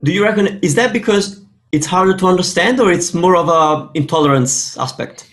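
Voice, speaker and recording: Italian man hosting an interview, higher voice, hesitant, restarts sentences. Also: fairly quick, a bit bright. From Italy. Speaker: host. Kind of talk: casual interview.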